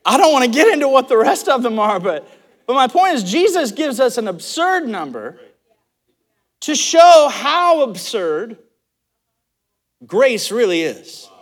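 High-voiced animated male pastor. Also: normal speed. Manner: animated, laughing storyteller with restarts. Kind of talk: sermon.

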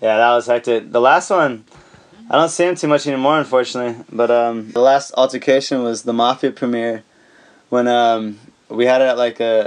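A man tells stories as a podcast guest in a loose, profane, laid-back way. He leans on fillers and laughs often as he goes. He sounds relaxed and chatty. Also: medium pitch, smooth. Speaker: guest, pro skateboarder. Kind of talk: casual storytelling.

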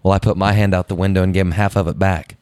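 A man on a casual podcast, telling a story in an animated way and laughing as he goes. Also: low voice, fast talker, clear, resonant tone, no echo.

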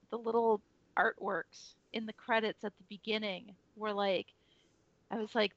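A woman's voice: mid-range voice, steady tone, normal speed, dry recording. Enthusiastic female podcast co-host, filler-heavy; dry, muffled lo-fi recording. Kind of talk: casual chat. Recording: dry dull lo-fi audio.

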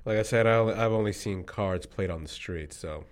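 A man's voice: lowish voice, fairly quick. A man playing a tabletop role-playing game, chatting in a laid-back, casual way. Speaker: player. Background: faint music.

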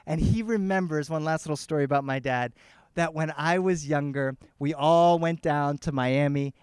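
A man telling a family story to a live audience, animated and switching between English and Spanish. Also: a little high, clear, resonant tone, no echo, clean studio sound. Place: outdoor garden festival.

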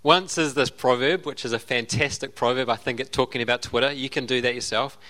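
A man's voice: mid-range voice, steady tone, fairly quick, pushed and bright. A man with an Australian accent preaching a sermon as a pastor, telling the story conversationally with asides and laughs.

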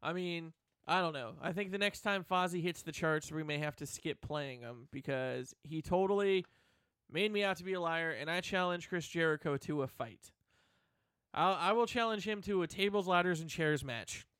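A man hosting a rock radio show, talking fast and teasing his co-host. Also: on the high side, fairly bright tone, clean tone, no echo, clean studio sound. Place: radio studio.

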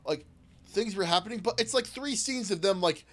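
Sarcastic high-voiced man in casual chat. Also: animated, moderate pace. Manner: sarcastic, heavy filler "like", mocking impressions. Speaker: podcast co-host.

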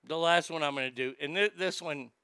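This casual streamer tears into etiquette advice with crude sarcasm and plenty of profanity, erupting into loud shouts as he gets animated. He talks a little fast in a slightly high, clean voice, captured in a studio with no room sound.

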